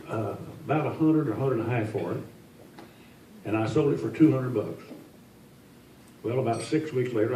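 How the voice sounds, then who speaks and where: A man's voice: mid-range voice, dark tone, a little hiss or hum. An older man from Tennessee, telling folksy, joking stories as a guest speaker. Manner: folksy, joking, self-deprecating. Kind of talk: after-dinner storytelling speech. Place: large indoor function room. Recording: echoey hall from a distance.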